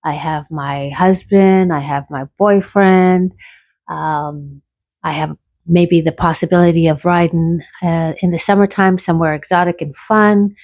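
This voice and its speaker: A woman's voice: on the low side, steady tone, a little slow, a little mellow, no room sound, highs cut off. A woman from Canada telling a rambling personal story in a chatty, casual way, with many restarts.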